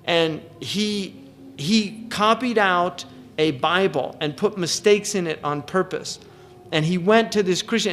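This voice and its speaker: A middle-aged man giving a reflective religious lecture, often restarting phrases and reciting verses quickly. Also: sits high, a bit bright, a little hiss or hum. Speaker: Islamic scholar.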